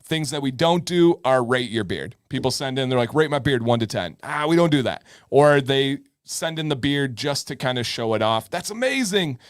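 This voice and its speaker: A middle-aged man talks casually on a live advice show, joking and teasing his co-host over small points. His voice sits at an ordinary middle pitch. It is recorded dry and close, with no room sound. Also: expressive, normal speed, hardly any pauses, no room sound. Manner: joking, playfully argumentative. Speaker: podcast co-host. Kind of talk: casual live-stream chat.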